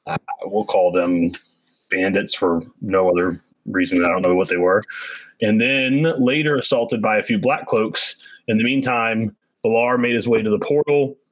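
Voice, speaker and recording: A man with a fairly low voice runs a tabletop role-playing game as its game master. He recaps the story casually, pausing often on fillers. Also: no room sound, low-quality recording. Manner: casual, hesitant with many fillers.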